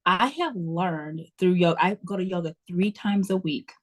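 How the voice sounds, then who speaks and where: A woman talking casually as a guest in an interview, acting out her own inner dialogue as she tells stories. Her manner is lively and expressive. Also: lowish voice, moderate pace.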